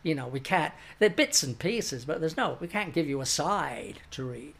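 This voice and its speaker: A man's voice: fairly high pitch, very animated, moderate pace, creaky, fairly bright tone. An older man, a stage actor, tells an anecdote in an interview and acts out the voices of the people he quotes. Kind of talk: anecdotal storytelling.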